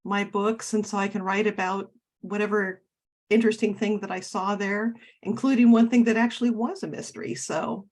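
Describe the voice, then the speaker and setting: A woman's voice: medium pitch, steady tone, normal speed, a little mellow. A woman from Oregon, a guest author talking casually in an interview over a video call, chatty and reminiscing with many fillers and restarts.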